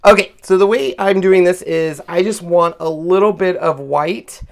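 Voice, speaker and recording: A craft channel host with a fairly low-pitched voice and moderate pace chats casually during a craft demonstration, laughing often and poking fun at herself as she works.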